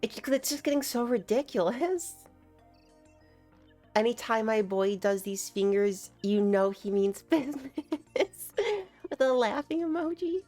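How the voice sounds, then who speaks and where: A young woman giving casual, teasing reaction commentary on online clips, sarcastic and quick to laugh. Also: on the high side, lively intonation, dark tone, faint music behind.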